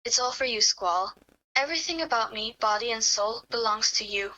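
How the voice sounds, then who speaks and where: A smitten young woman, soft and a little quavering, voiced by a woman in a bright, slightly high voice. The reading is a first-person fan role-play. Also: moderate pace, lo-fi sound.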